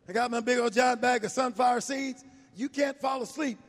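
A man in his sixties preaching a sermon, telling a personal story in a folksy, animated way. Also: very high voice, fairly quick, few pauses. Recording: echoey hall reverb.

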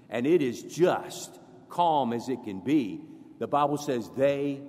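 A man preaching a sermon as pastor, leading the congregation through verses in an animated way. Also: mid-range voice, takes it slowly, big-room sound.

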